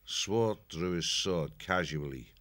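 A man narrating an audiobook in a measured, steady storytelling manner. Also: low voice, dry recording. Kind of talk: audiobook reading.

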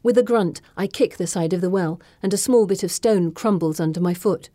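A woman narrating a first-person audiobook in a steady, intimate storytelling manner. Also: fairly low pitch, a little fast, no room sound, clean studio sound.

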